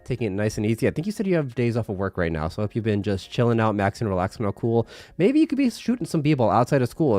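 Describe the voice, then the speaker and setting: A young man streaming casual chat, his nose congested, laughing often and slipping into halting Japanese. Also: medium pitch, sing-song, darkish tone, dry recording.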